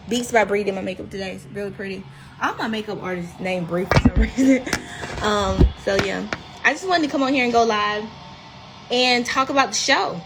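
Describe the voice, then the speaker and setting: Southern woman in her 30s, Mississippi accent, candid livestream talk, slightly high voice, phone mic at home. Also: a bit bright, slight background noise. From rural Mississippi, US. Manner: frank, chatty, swears freely. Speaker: reality TV cast member. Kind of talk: casual livestream chat.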